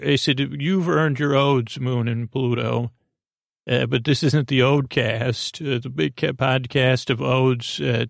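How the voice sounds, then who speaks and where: Sleep-podcast host, male, rambling and halting; gravelly voice, average pitch. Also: no echo, clean studio sound. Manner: meandering, halting, full of uh and restarts; slow dreamy talk addressing the moon.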